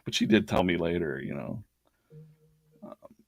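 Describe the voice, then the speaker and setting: A man's voice: low-pitched, measured pace, long pauses. A man hosting a drawing challenge, casually telling a rambling personal story and acting out the dialogue. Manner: rambling, animated retelling with quoted dialogue.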